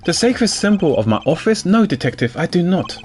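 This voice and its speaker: A man putting on a proud, stiff prosecutor from a game, formal and precise. His delivery is dry and clipped, pitched a little above the performer's own voice. There is a lively lift in his phrasing. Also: brisk, a little hiss or hum. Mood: stern, dry.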